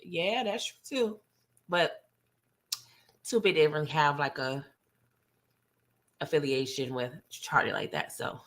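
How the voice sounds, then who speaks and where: A woman's voice: low-pitched, takes it slowly, pauses often, fairly bright tone. A woman recapping a TV episode in casual commentary, chatty and talking straight to her viewers, often laughing. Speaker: TV recap reviewer.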